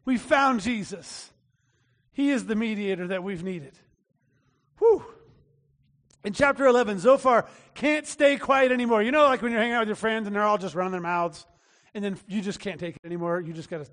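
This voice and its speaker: A man preaching a sermon in a casual, talky way, acting out quotes and breaking into shouts. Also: high voice, moderate pace, big-room sound. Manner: conversational preaching with acted-out quotes and sudden shouts. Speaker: pastor.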